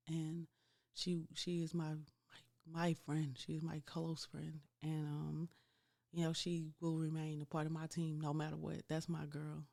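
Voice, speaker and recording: A woman's voice: low voice, gravelly, a little mellow. A woman in her thirties hosting a podcast, telling a candid, faith-filled personal story and talking straight to her listeners. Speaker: podcast host.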